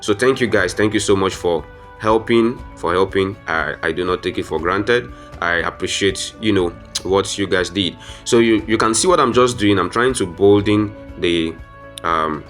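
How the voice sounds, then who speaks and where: Low-voiced man walking through a design tutorial. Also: normal speed, fairly bright tone, faint music behind. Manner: step-by-step instructions, frequent "um" fillers, addresses viewers as "guys". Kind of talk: screen-recorded software tutorial.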